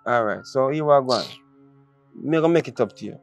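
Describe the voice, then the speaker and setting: A man's voice: mid-range voice, animated, fairly quick, faint music behind, natural voice. An actor playing a Jamaican man who coaxes his girlfriend in patois and repeats himself. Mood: coaxing. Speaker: boyfriend. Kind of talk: indie film acting.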